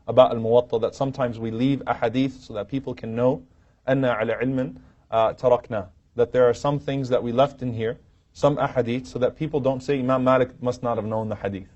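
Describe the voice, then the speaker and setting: A man's voice: medium pitch, a little mellow. A man teaching an Islamic lecture from a podium to a live audience, telling stories and acting out quoted lines with humor. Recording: dull, muffled lo-fi recording.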